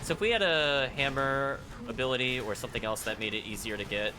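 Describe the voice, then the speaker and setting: A man commenting casually on his own video game run, chatty and analytical, with lots of filler words. His voice sits at a middle pitch, picked up on a headset mic. Game music plays clearly behind him. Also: fast talker. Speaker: streamer.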